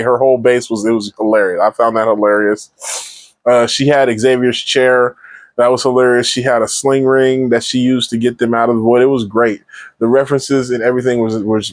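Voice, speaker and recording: A man's voice: medium pitch, steady tone, normal speed, no room sound. A man giving a casual solo movie review, enthusiastic and rambling, often restarting his sentences.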